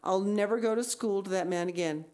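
A woman's voice: medium pitch, fairly quick, dark tone, voice pushed up, natural voice. A woman voicing a proud, stubborn schoolgirl who talks in an earnest, theatrical way. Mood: defiant.

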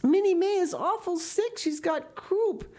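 A woman's voice: on the high side, expressive, gravelly, warm tone, pitched above the performer's own voice. A woman reading an audiobook, voicing a frightened young girl who pleads and sobs in a rush. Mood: frantic. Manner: sobbing, pleading, rushed.

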